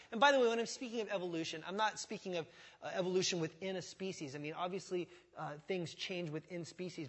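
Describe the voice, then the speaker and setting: A man's voice: a little high, a bit bright. A man preaching a sermon in a conversational way, with rhetorical questions, asides and self-deprecating humor. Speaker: pastor.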